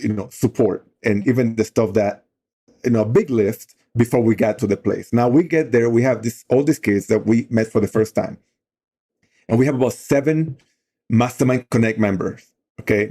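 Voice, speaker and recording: A man's voice: fairly low pitch, dark tone. A middle-aged man on a talk show, earnestly telling a story with many "you know" fillers. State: emotional while telling the story. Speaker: guest on a talk show, outdoor program leader. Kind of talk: conversational storytelling.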